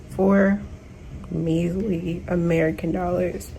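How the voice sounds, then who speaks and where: A woman's voice: fairly low pitch, little pitch movement, measured pace, darkish tone, a little hiss or hum, poor audio. Stressed young woman venting on camera. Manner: exasperated, venting, slangy. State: stressed, worn out. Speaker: vlogger. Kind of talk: casual video diary.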